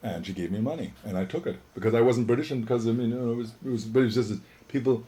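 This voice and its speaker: A man's voice: medium pitch, rapid-fire, warm tone. A middle-aged man reminiscing in a casual interview, an exuberant, rambling storyteller.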